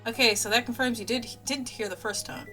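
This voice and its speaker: A woman's voice: a little high, bright, forceful tone, faint music behind. A woman voicing a cheerful female lab AI assistant who talks in a chipper, clinical way. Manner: chipper, clinical, briskly upbeat.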